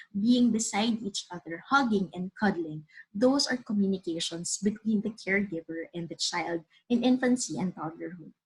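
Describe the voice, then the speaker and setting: A woman in her thirties giving a measured, earnest webinar talk on child development, advising parents as she moves through her slides. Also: medium pitch, breathy edge, poor audio.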